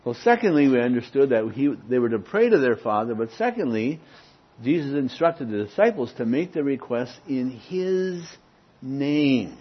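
A man with a husky, slightly rough voice preaches a teaching sermon. He leans hard on key words and then sinks into soft, low asides, often checking in with "Okay?". The recording sounds dull and lo-fi. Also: sing-song, normal speed. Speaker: pastor.

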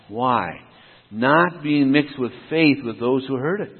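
A man's voice: medium pitch, lively intonation, takes it slowly, breathy edge. A man preaching a sermon in a rhythmic, emphatic cadence that sets one idea against another. His voice comes through thin and phone-like. A long reverb trails each phrase, as in a church hall. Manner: emphatic, rhythmic contrasts, asks and answers himself. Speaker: pastor.

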